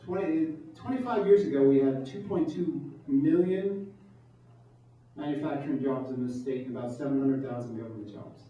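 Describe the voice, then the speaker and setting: A man's voice: mid-range voice, normal speed. Man speaking from afar in an echoey room. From New York. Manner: emphatic, asks rhetorical questions. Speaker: political candidate. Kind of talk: campaign speech with audience questions. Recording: distant mic, echoey room, dull sound.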